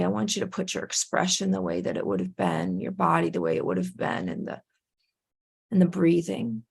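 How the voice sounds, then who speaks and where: A woman's voice: fairly low pitch, big pitch swings, a little fast, creaky, breathy edge. A woman coach leading a participant through a guided breathing and grounding exercise on a video call, soothing and encouraging.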